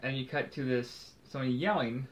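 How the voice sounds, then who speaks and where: A man co-hosting a casual podcast, recapping a comic scene by scene with quick restarts. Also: mid-range voice, slight background noise. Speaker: podcast co-host.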